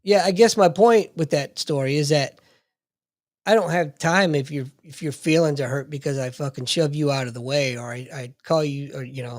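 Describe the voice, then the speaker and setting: A man's voice: on the high side, normal speed, no echo, studio quality. A man and Navy submarine veteran in a podcast conversation, telling war stories bluntly and with lots of cursing. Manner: blunt, profane storytelling. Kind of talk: casual chat.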